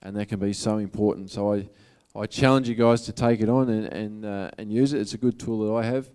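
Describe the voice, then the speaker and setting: A man's voice: fairly low pitch, fairly even intonation, brisk, dark tone, smooth. A man with an Australian accent giving a motivational talk to an audience, in a casual, earnest, conversational way. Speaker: motivational speaker.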